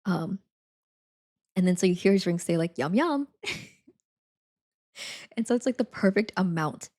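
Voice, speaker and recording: A woman's voice: fairly low pitch, a little slow, warm tone. A young woman streamer chatting casually, rambling with lots of fillers and frequent giggles. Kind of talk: casual chat.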